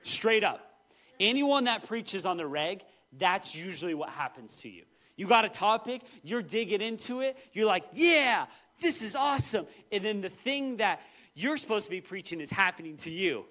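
A man in his thirties preaching a sermon, telling personal stories with lively, acted-out quotes. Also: normal speed. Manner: animated storytelling, quoting voices with big pitch jumps. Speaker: pastor.

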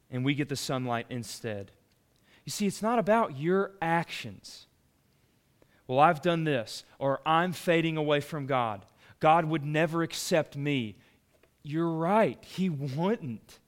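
Young male pastor, fairly high voice, lively sermon delivery with casual asides. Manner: animated preaching, rising loud for emphasis and dropping low and slow; conversational asides to the congregation.

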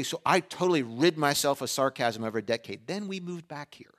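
A middle-aged pastor from Pennsylvania, USA, preaches a conversational sermon full of sarcastic asides and acted-out quoted voices. His voice is a little high, expressive and fairly bright, delivered fast with few pauses.

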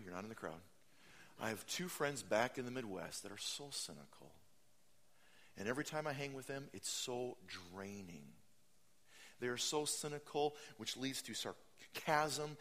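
A man in his thirties preaches with an animated, swinging delivery. His voice is bright and forceful, leaping into high mocking voices before settling into quiet, earnest stretches. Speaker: pastor. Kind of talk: sermon.

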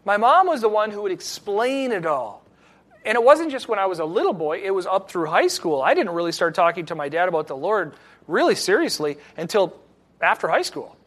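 A man's voice: high-pitched, big pitch swings, brisk, fairly bright tone. A middle-aged male pastor giving an earnest, reflective sermon with personal stories.

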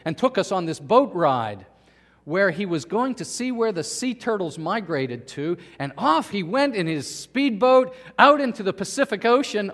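A male pastor delivering a sermon with animated storytelling, speaking to the children and the congregation. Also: high-pitched, in a large hall.

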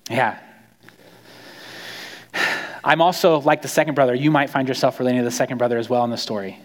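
A man preaching a sermon in a conversational, animated storytelling way, acting out quotes. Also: medium pitch, a little fast, in a large hall. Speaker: pastor.

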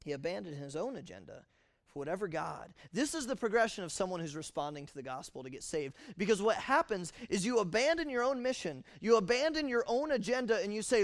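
A man preaching a sermon, emphatic and animated, acting out the lines he quotes. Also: high-pitched, fairly quick, no room sound, clean studio sound.

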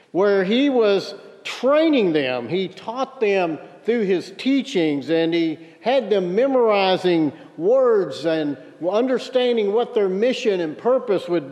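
A man's voice: high voice, darkish tone. A man preaching a sermon, telling a story and then driving home his point with emphasis. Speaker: pastor. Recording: dull sound with long hall reverb.

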